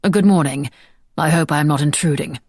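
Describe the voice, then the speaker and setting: Brief: blunt, guarded young nobleman for an audiobook, husky and dry, read by a woman. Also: deep voice, a little fast, a little mellow, dry recording. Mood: reserved. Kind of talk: audiobook character voice.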